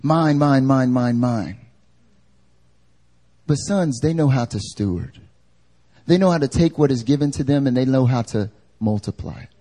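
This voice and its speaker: A man preaching a live church sermon, animated and conversational, acting out everyday voices. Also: mid-range voice, fairly quick. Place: church service.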